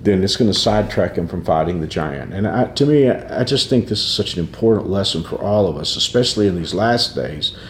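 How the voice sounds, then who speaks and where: A man with a fairly low voice speaks as a pastor, thoughtful and unhurried in tone, often restarting a phrase or chuckling softly as he reasons aloud. His voice carries a noticeable room echo, with a faint rumble underneath. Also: expressive. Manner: reflective, with frequent restarts and soft laughs. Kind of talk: conversational devotional discussion.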